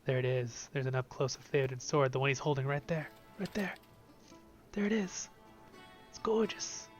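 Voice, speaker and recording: A young man hosting a casual gameplay video, chatty and excitable, swinging between loud bursts and quiet asides. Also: mid-range voice, moderate pace, muffled recording, soft background music. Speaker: game video host.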